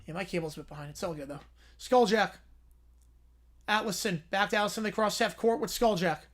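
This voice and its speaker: Man with a strained, cracking voice calling basketball. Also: a little fast. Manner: calls plays in an excited rush, then answers chat in quiet low asides. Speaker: live-stream host. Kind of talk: live play-by-play reaction commentary.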